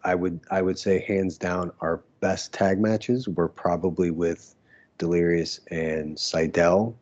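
Low dark husky guy telling old stories, laughs a lot, kinda muffled audio. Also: level tone, takes it slowly. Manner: laid-back storyteller, laughs often. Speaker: former pro wrestler guest. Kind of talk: casual interview recollection.

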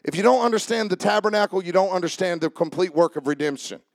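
A man preaching a sermon as pastor, building up to shouting and dropping into mock-calm voices for jokes. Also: sits high, fast, dry recording.

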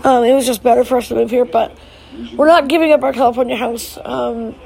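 During a live stream, a middle-aged woman gives an emotional, halting message to her family, broken by sighs and restarts. Her voice is pitched well above most women's, with gravelly fry beneath it, a steady, warm tone and poor audio.

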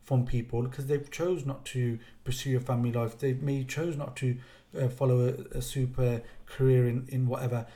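Male host in his thirties, casual and rambling, mid-pitched voice. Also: flat delivery, normal speed, few pauses, dark tone. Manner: rambling, repeats himself while searching for words. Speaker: podcast host. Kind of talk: casual interview chat.

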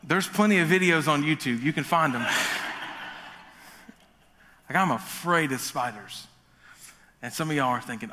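A man preaching a sermon as pastor, in an energetic, joking manner. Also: on the high side, normal speed, pauses often, in a large hall.

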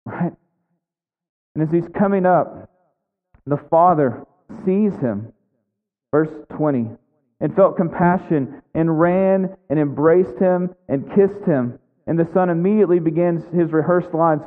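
Preacher man, thin echoey sound. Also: moderate pace. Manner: conversational preaching, frequent "right?" asides; acts out biblical characters' lines with shifting pitch. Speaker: pastor. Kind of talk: sermon. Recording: echoey hall over a thin phone-like line.

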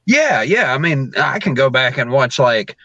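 Man, wrestler guest, casual storytelling, animated, laughing a lot, dry slightly dull sound. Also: mid-range voice, moderate pace, no room sound. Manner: animated, laughs often, acts out quotes.

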